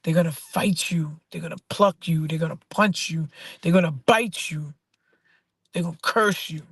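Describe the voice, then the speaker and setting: A woman's voice: deep voice, normal speed, breathy edge, dry recording, studio quality. A woman poet talking casually and emphatically about faith and perseverance, repeating her phrases for stress. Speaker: poet and artist. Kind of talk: casual inspirational talk.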